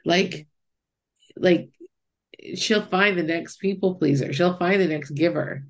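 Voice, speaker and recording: A woman from Pennsylvania telling an animated personal story in a casual chat. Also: lowish voice, slow. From US East Coast, Pennsylvania. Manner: animated storytelling, quoting others.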